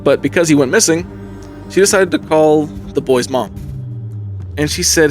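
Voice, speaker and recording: A man's voice: on the high side, soft background music. Man spinning a spooky podcast tale. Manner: animated storyteller building suspense with dramatic pauses. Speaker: podcast host. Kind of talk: casual storytelling podcast.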